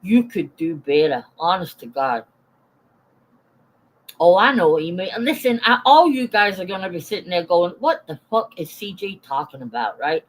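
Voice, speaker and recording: A woman's voice: on the low side, big pitch swings, normal speed, poor audio. A woman in her forties holds forth on a casual live stream. She is blunt and swears freely, breaking off now and then to greet viewers in the chat by name. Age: 40s.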